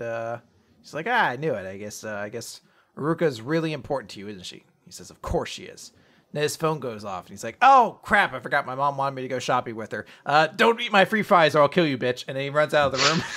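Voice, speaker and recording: A man co-hosting a casual manga recap podcast, acting out the characters' lines in quick voices and swearing freely. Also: mid-range voice, a bit bright. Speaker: podcast co-host.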